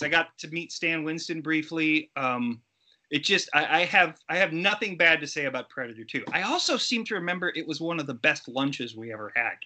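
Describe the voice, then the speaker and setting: A middle-aged man, a guest actor, telling lively stories in a casual interview and acting out the people he quotes. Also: a little high, brisk. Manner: animated, acts out quoted voices. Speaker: guest actor and effects artist.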